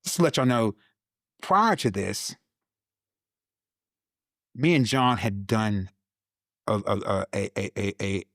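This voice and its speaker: A man telling a personal faith testimony in a casual conversation, animated, repeating words, and acting out his own past lines. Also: fairly low pitch, slow, long pauses, dry recording, studio quality. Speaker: guest, Army veteran.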